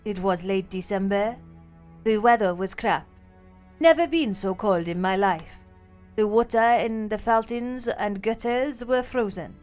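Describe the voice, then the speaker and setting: A woman voicing a weary middle-aged male detective who shivers and talks in a slow, dragging, hushed way. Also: medium pitch, lightly acted.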